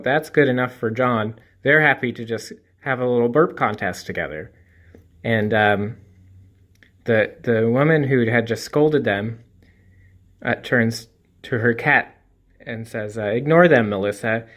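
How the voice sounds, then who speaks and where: Man, comic strip reviewer, slow and halting, dry wry delivery, lots of ums. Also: medium pitch, a bit bright. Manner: hesitant, full of ums and restarts. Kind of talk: casual spoken review.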